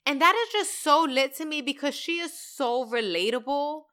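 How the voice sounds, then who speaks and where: A woman hosting her own podcast, ranting in a casual, animated way with lots of slang and swearing. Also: high voice, soft background music. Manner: animated, slangy and profane, talks fast. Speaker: podcast host. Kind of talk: casual solo podcast rant.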